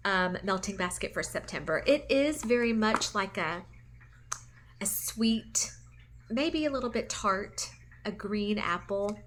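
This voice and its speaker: A woman's voice: mid-range voice, a bit bright, a little hiss or hum. A woman hosting a casual review chat, gushing to her viewers with lots of fillers. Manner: chatty and gushing, many fillers, talks straight to viewers. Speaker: candle and wax melt channel host.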